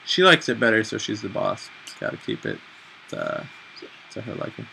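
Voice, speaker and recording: A man in his twenties giving casual, self-mocking advice in a chatty, animated way on a home vlog. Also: fairly low pitch, moderate pace, vocal fry, a little hiss or hum, poor audio. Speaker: vlogger.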